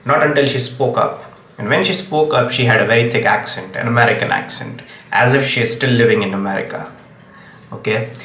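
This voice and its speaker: A man's voice: medium pitch, a bit bright, a little hiss or hum. Indian man ranting in an echoey room. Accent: Indian English. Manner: emphatic, repeats "okay?" to press points. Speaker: commentator. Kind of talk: solo opinion monologue.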